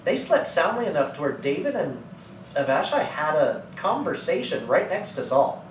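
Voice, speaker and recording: A man's voice: fairly high pitch, sing-song, moderate pace, echoey room, recorded from a distance, slight background noise, rough recording. A man preaching as pastor, teaching scripture and retelling it in casual everyday words. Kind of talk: sermon teaching. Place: church.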